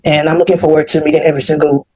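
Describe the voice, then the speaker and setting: Rapid-fire and level in tone, this fairly high male voice has a darkish quality, heard on a dry recording with poor audio. The speaker, a government department official on an online call, is out of breath as he rambles through prepared remarks full of fillers and self-corrections.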